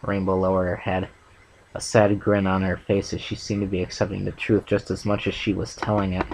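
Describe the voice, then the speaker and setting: A man's voice: low voice, little pitch movement, moderate pace, gravelly, slight background noise, poor audio. A man reading a fanfic aloud for his channel in a plain way, with a few stumbles and restarts. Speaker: channel host and fanfic reader.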